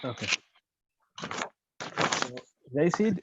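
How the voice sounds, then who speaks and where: A man's voice: on the high side, animated, brisk, noisy background. A man teaching an online Arabic class, explaining step by step and checking that his students follow. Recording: dull, lo-fi video call audio.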